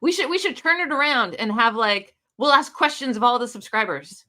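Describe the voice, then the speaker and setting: A woman's voice: fairly high pitch, animated, fairly quick, a loud crowd. A woman hosting a casual live-stream chat, upbeat and reading out viewer comments. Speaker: channel host.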